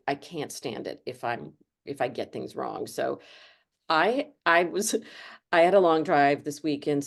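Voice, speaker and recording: A middle-aged woman with a notably low voice talks casually as an interview guest. She rambles through her answers, full of ums and restarts, in a loose, conversational way. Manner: chatty, rambling with many fillers. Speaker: author guest.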